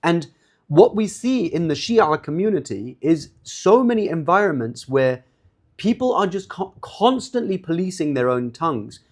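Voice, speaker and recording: A man's voice: fairly high pitch, sing-song, normal speed. A man giving an informal religious lecture, speaking conversationally, often repeating and restarting words as he talks straight to his listeners.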